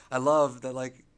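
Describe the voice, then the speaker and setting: A man co-hosting a casual chat, animated and excitable, swearing freely and jumping between quick asides. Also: medium pitch, clean tone. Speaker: podcast co-host.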